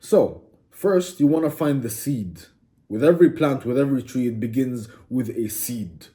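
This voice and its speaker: A man's voice: medium pitch, normal speed, mellow. A man hosting a self-improvement video, delivering a brash, crude and mocking motivational monologue.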